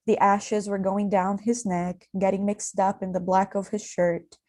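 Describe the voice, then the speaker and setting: Mellow-voiced woman reading a story. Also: medium pitch, level tone, measured pace. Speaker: reader. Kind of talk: literary reading.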